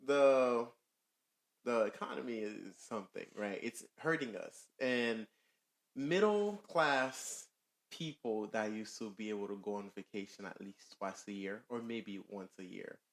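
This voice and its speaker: A man co-hosting a casual podcast, explaining his point with fillers and pauses to find words. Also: fairly low pitch. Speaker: podcast co-host.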